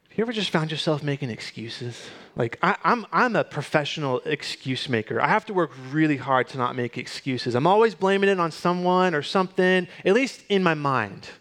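A pastor preaching a conversational sermon. He drops into soft, hushed retelling and rises into urgent pleading. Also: a little high, lively intonation, normal speed, few pauses.

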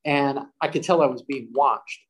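A man's voice: mid-range voice, moderate pace, slightly rough, poor audio. A man telling a first-person story about a paranormal investigation, acting out the quotes and breaking into laughter.

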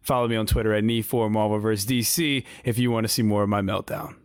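A man's voice: fairly low pitch, fairly even intonation, quick pace, clean tone, dry recording, clean studio sound. A man co-hosting a casual wrestling podcast, grumbling and joking in banter. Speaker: podcast co-host.

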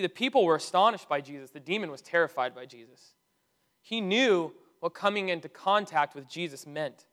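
High-voiced animated male preacher. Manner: animated, conversational preaching with sudden loud outbursts. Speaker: pastor. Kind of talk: sermon.

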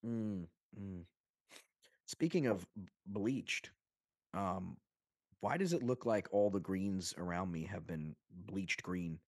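A young man from Long Island talks in a fairly low voice, co-hosting a casual podcast. He is animated and jokey, swearing freely. The sound is dry and close. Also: slow, no echo. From Long Island, New York. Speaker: podcast co-host. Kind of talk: casual chat.

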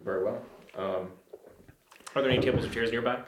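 A man's voice: mid-range voice, fairly quick, background noise. A man playing a tabletop game, talking casually and hesitantly with lots of "like" fillers. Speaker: player. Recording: roomy sound with music behind.

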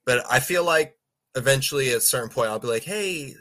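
A man's voice: mid-range voice, fast, a bit bright. A man in casual podcast chat, rambling and stumbling over his words with frequent laughs.

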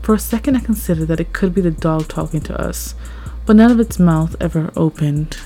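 A woman reading a first-person story aloud, expressive and rising at tense moments. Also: sits low, a little fast. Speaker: story narrator. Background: faint background music.

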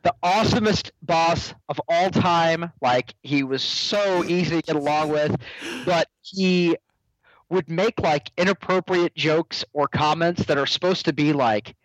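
A man's voice: a little high, measured pace, dry recording, poor audio. A man co-hosting a podcast in casual chat, teasing his partner and laughing often. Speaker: podcast co-host.

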